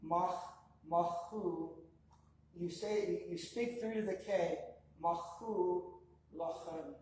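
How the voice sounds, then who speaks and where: A man teaching a language class, sounding out words slowly syllable by syllable and correcting learners. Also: high voice, fairly even intonation, darkish tone. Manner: slow, drawn-out pronunciation drills by syllable. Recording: echoey, distant mic with faint noise.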